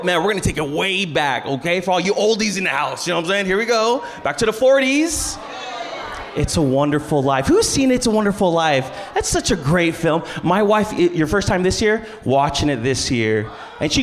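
A man in his thirties preaching a family church service, lively and playful, working the crowd with call-and-response. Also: fairly high pitch, normal speed. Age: 30s. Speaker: pastor. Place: large church auditorium.

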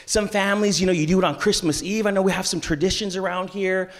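A pastor in his thirties leads a family-style church service, his voice sitting high for a man. He keeps it playful and lively, teasing the congregation and pulling answers out of them before sliding into the sermon. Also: fast talker. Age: 30s. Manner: lively, playful crowd work with call-and-response. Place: large church auditorium.

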